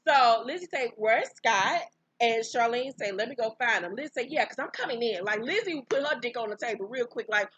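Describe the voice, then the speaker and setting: A woman recapping a reality show in casual, profane storytelling, bursting into high, loud exclamations. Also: expressive, a little fast, husky, dry recording, highs cut off. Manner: profane, brash, outspoken commentary; breaks into high-pitched exclamations.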